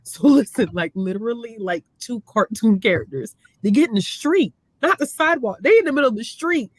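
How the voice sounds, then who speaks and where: A woman's voice: on the high side, brisk, dry recording. A woman, a library worker telling stories in a casual chat, laughing often. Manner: animated, laughing storyteller.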